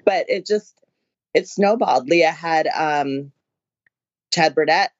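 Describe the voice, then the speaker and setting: A woman powerlifter, a guest in a casual interview, telling stories excitedly with laughs and acted-out quotes. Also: low voice, takes it slowly, dry recording, muffled recording. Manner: excitable, laughing storyteller, acts out others' voices.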